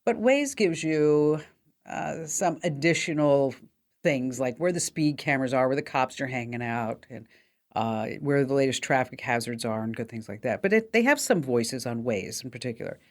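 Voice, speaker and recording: A woman's voice: extremely low pitch, expressive, normal speed. A woman hosting a tech call-in radio show, talking in a chatty, upbeat way with plenty of fillers. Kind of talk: casual call-in radio talk.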